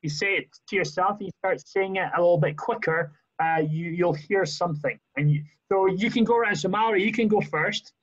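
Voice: mid-range voice, a little fast, hardly any pauses. Coach explaining a word game over dull audio. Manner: explains step by step. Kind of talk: casual video call chat.

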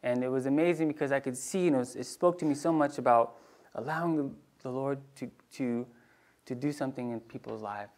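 A man preaching in a casual storytelling way, acting out voices in his anecdotes and dropping to a hushed tone for tender moments. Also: mid-range voice, fairly quick. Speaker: pastor. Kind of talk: storytelling sermon.

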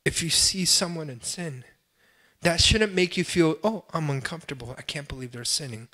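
A young pastor preaches with real urgency, his voice climbing into pleading cries before dropping back to a quiet, self-deprecating aside. His tone is bright and ringing, a bit higher than most men's. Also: moderate pace. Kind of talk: sermon.

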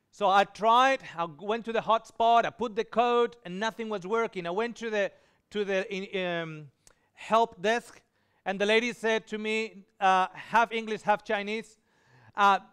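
A man preaching a sermon, telling a personal story in an animated way and acting out the voices he quotes. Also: high voice, clear, resonant tone.

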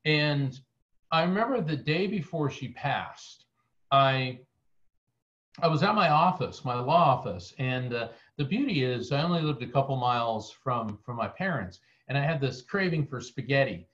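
An earnest man tells a story as a guest on a video call, his voice at an ordinary middle pitch for a man. He talks in a conversational way and often restarts his sentences. The call audio sounds dull and lo-fi. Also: expressive, normal speed, a bit bright. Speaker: guest medium.

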